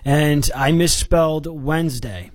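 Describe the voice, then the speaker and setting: Chatty, slightly high-voiced male radio host. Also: unhurried. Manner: rambling, chatty, full of restarts. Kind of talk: radio news chat.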